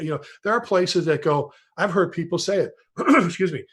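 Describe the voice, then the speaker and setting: A man's voice: fairly high pitch, animated, brisk, fairly bright tone, husky. Storytelling male host on a video call. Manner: storytelling, addresses panelists by name. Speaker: host, retired fire chief. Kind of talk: casual online panel chat.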